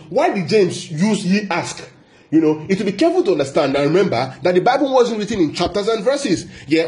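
A man preaching a Bible teaching sermon, emphatic, repeating key phrases, asking rhetorical questions and slowing down to stress scripture quotes. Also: high voice, a little mellow.

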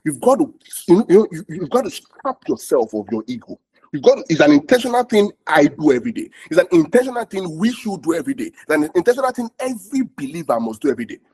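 Husky male pastor, animated sermon delivery with repeated call-and-response lines. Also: on the high side. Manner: repetitive call-and-response, asks "are we together?".

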